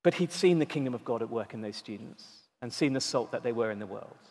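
A man preaching a sermon, emphatic, slowing down to stress key words and repeating them. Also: mid-range voice, animated, darkish tone. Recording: long reverb in a large hall.

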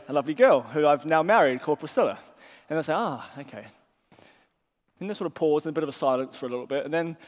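A man with a New Zealand accent preaching a sermon to a church, telling stories in a conversational way. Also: a little high. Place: church hall. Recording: church hall reverb.

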